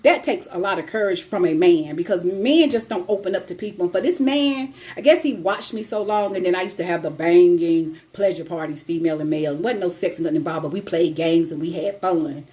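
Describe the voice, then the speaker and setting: A woman's voice: fairly low pitch, fairly quick, hardly any pauses, mellow. A middle-aged woman hosting her own show, giving blunt advice on sex and relationships and retelling a story casually with quoted voices.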